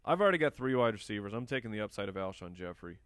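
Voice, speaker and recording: A man's voice: fairly low pitch, very animated, racing, fairly bright tone, no room sound, clean studio sound. A man hosting a live fantasy football stream, chatting casually and answering viewer questions while he drafts. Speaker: fantasy football podcast host.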